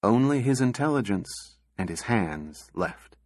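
A man narrating an audiobook in a steady, measured reading voice. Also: mid-range voice, no room sound, studio quality.

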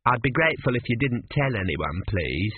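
A man voicing a fussy, slow-witted sphinx that grumbles and gets flustered, reading a comic storybook. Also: medium pitch, big pitch swings, slight background noise. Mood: grumbling. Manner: grumbling, doubtful, easily flustered. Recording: tinny phone-like audio.

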